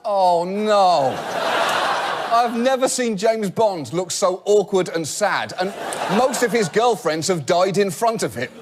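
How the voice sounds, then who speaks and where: A man's voice: high-pitched, lively intonation, slow pace, background noise. A man hosting a comedy show, delivering a sarcastic, mock-outraged monologue to a live audience. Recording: loud studio audience laughter. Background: studio audience laughing.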